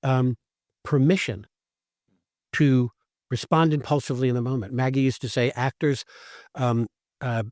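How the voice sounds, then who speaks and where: Guy cohosting a podcast, lively storyteller acting out quotes, mid pitch, dry close sound. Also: normal speed, pauses often, dry recording. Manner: animated storyteller who acts out quoted lines. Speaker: podcast co-host, acting teacher. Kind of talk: casual conversation.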